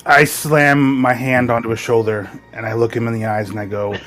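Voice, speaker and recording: A man's voice: medium pitch, flat delivery, normal speed, music in the background. A man playing in a tabletop game, hesitant when talking out of character and firm when speaking as his character. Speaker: player. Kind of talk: casual tabletop game play.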